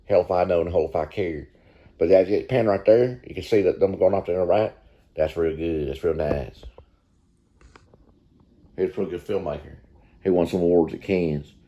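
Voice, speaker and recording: A man's voice: low voice, moderate pace, pauses often, lo-fi sound. A man giving rambling, folksy commentary while watching a film, swearing casually and repeating himself. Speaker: vlogger.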